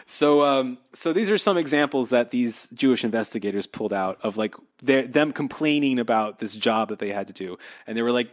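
A man hosting a podcast in casual chat, animated and profane, laughing often. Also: mid-range voice, brisk, hardly any pauses. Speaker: podcast host.

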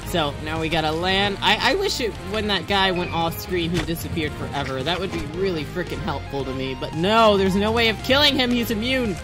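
An excitable young man narrates his gameplay, bursting into yelps and frustrated screams, then grumbling at himself in self-mocking rants. Background music plays steadily behind his voice. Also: high-pitched. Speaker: let's play gamer. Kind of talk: gameplay commentary.

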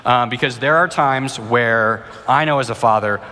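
A male pastor in his thirties speaks earnestly and conversationally, often stumbling over his restarts. His voice is bright and forward, at a middling pitch. It rings out with the long reverb of a church auditorium. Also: moderate pace. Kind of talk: sermon with Q&A.

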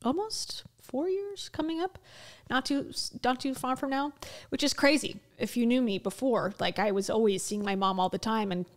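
A woman with a slightly high voice hosts a casual reaction commentary. She speaks candidly and bluntly and lets the odd swear word slip. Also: moderate pace. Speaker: commentary host.

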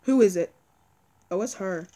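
Measured in pace and warm in tone, a young woman's mid-range voice narrates her video game play in let's-play style. This gaming creator grows anxious and pleading, crying out and repeating words frequently.

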